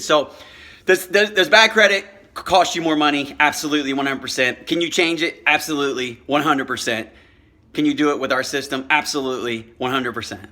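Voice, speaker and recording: A man's voice: on the high side, brisk, pushed and bright. A man talking to his viewers about credit as a coach, earnest and passionate, often stumbling and repeating words. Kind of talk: motivational vlog talk.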